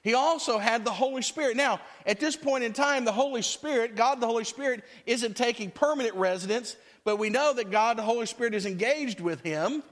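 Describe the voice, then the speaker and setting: A man's voice: very high-pitched, brisk, hardly any pauses, a bit bright. A man preaching a sermon as pastor, talking to his congregation in a conversational way and acting out quotes.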